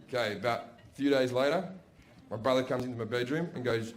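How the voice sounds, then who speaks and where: A man with an Australian accent telling profane, animated stories as a stand-up comedian. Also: medium pitch, fairly quick, a little hiss or hum. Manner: brash, profane, animated storytelling. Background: audience laughter.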